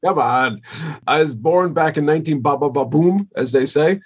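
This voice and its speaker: A man's voice: a little high, normal speed, husky. A man, a rock drummer telling stories and joking as a podcast guest. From Long Island, New York. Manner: joking, storytelling, laughs easily. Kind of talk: casual interview chat.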